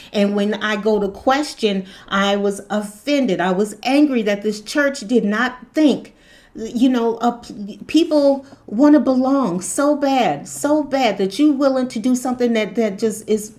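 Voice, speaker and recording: A woman's voice: mid-range voice, darkish tone. A woman giving an impassioned spoken commentary, asking question after rhetorical question. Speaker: spiritual commentator.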